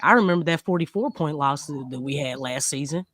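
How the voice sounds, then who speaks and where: A woman's voice: sits low, a little fast, fairly bright tone, no room sound, studio quality. A woman co-hosting a casual basketball postgame chat, talking emphatically and arguing her point. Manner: emphatic, argumentative. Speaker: co-host.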